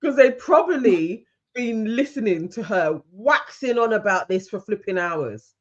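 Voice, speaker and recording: A woman's voice: mid-range voice, lively intonation, measured pace. A woman co-hosting a podcast, chatting casually, mostly agreeing in short replies. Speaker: podcast co-host. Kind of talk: casual recap chat. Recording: dull lo-fi sound.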